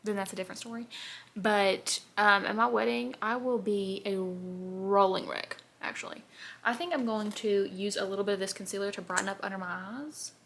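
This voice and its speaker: A woman's voice: medium pitch, fairly even intonation, moderate pace, vocal fry, a bit bright, a little hiss or hum. A young woman, chatting in a bubbly, rambling way while doing her makeup on camera. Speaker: beauty vlogger. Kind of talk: casual get-ready-with-me chat.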